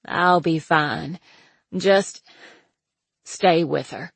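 A woman voicing a hoarse, worn-out older grandmother in an audiobook, with a slow, heavy, phlegmy delivery. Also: low voice, dry recording, full character voice. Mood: weary. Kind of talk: audiobook character voice.

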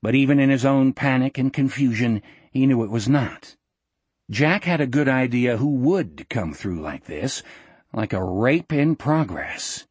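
A man reading an audiobook in a steady, dramatic storytelling manner. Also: mid-range voice, unhurried, husky, no room sound. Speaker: audiobook narrator. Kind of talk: scripted narration.

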